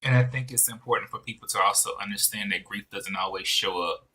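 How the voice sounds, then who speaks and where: A man on a church panel, sincere and measured. His voice is low yet bright and forceful.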